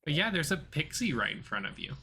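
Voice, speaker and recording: A game master from southern North Carolina describes the scene for the players. The voice is bright and forward. The delivery halts often, with restarts and fillers. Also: medium pitch, sing-song, husky. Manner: halting, many restarts and fillers while describing. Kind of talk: narrating a tabletop game.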